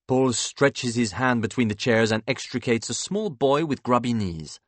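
A man narrating a literary first-person story in a wry, expressive, measured manner. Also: mid-range voice, no room sound. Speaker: audiobook narrator.

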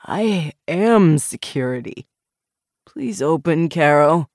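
A woman's voice: deep voice, expressive, slow, darkish tone, no room sound, clean studio sound, exaggerated voice. A woman voicing a drunk man who rambles and pleads in a loose, unsteady way. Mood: drunk, pleading.

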